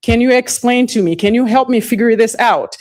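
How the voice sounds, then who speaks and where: A middle-aged woman answers questions at a formal hearing. She picks her words slowly, restarts her phrases and circles back before finishing a thought. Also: fairly high pitch, a little mellow. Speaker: witness testifying at a hearing. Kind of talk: formal testimony.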